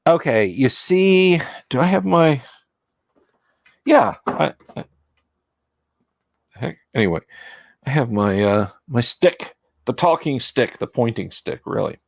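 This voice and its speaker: A chatty man hosts a late-night tabletop livestream and rambles about his game with self-deprecating humor. His voice sounds tired from a long day of talking. It is recorded dry and close, with a middle pitch. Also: no echo. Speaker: game master and livestream host. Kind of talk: casual livestream chat.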